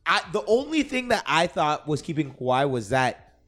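A man in a casual basketball podcast chat, animated and repeating himself as he acts out players. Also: a little high, moderate pace, faint music behind. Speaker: podcast panelist.

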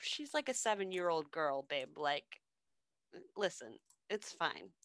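An easygoing king murmuring calm reassurances, low and soft, as a woman puts him on in a casual retelling. The sound is dry and close. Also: slow pace, dry recording, heavily acted. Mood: placating. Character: easygoing royal king, adult man, soothing.

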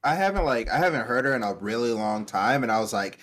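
A man co-hosting a casual gaming podcast, animated and acting out quotes as he talks. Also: mid-range voice, fast. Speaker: podcast co-host. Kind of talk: casual chat.

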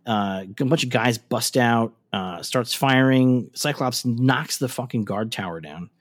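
A man's voice: medium pitch, measured pace. A man in casual chat recapping a cartoon episode, swearing freely and acting out the characters' lines. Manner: swears freely, laughs often, acts out lines. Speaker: podcast co-host.

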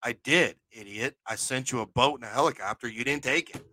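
A man's voice: mid-range voice, a little fast, sharp tone, lightly acted. A man quoting a blunt, exasperated God.

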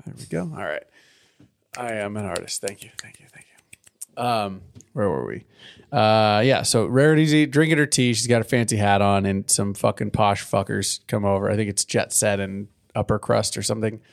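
A man's voice: fairly low pitch, moderate pace, vocal fry. A man co-hosting a podcast, rambling through a crude, self-mocking casual chat while recapping a cartoon. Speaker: podcast co-host.

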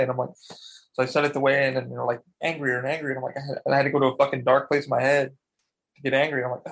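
A young man co-hosting a casual podcast about video games, animated and swearing freely as he acts out quotes. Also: mid-range voice, rapid-fire, gravelly, breathy edge, low-quality recording. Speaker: podcast co-host.

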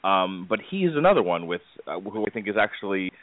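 A low-pitched man chats loosely about films as a podcast host, rambling through his points with fillers and laughs. The sound is thin and phone-like, very dry and close. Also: big pitch swings, brisk, no echo. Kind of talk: casual movie chat.

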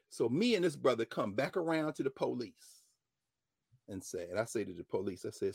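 A man, a professor telling a story in an animated lecture and acting out the dialogue. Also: brisk, creaky, husky, no echo, clean studio sound. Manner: dramatic, acts out dialogue, swings from low mutters to loud exclamations. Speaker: professor hosting a class-style show.

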